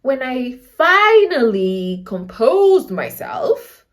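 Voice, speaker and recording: A young woman with a Namibian accent telling a dramatic story to camera in a casual, animated way, acting out quotes and laughing often. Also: sits high, extremely slow. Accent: Namibian English. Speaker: storytelling vlogger.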